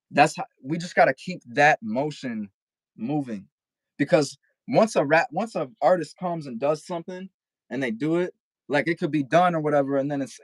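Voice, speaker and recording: A man's voice: mid-range voice, dry recording, poor audio. A young man talking casually as a guest rapper on a podcast, rambling and swearing with lots of filler "like", over a video call.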